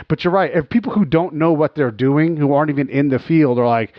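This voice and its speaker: A man's voice: fairly high pitch, brisk, no echo, dull audio. A man hosting a podcast, telling stories in a casual chat and acting out the dialogue he quotes. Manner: animated, acts out quoted dialogue. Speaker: podcast host.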